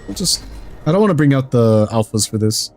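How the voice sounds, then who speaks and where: Excitable guy streaming a game, cussing and cracking up, voice bounces all over, faint music under it. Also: mid-range voice, a little fast. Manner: excitable, swears freely, laughs often, yells at the game. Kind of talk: casual gameplay chat.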